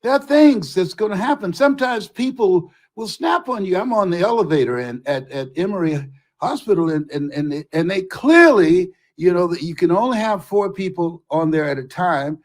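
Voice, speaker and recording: An older man giving a motivational talk, his voice pitched high and swinging widely as he tells stories. He often rises to a shout for emphasis. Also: normal speed. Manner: animated storytelling, shouting for emphasis. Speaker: motivational speaker.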